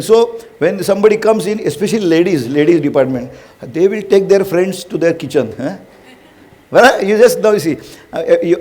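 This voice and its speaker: High-voiced Indian man giving a chatty talk. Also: a little mellow. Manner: chatty, chuckles often, anecdotal. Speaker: lecturer on stress management. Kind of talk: informal motivational lecture.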